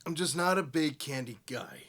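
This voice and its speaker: A deep, gravel-edged action-hero voice, put on by a man. It sits well below his own voice and sounds friendly and self-assured. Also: animated, moderate pace, a bit bright. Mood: confident. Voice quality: low gravel.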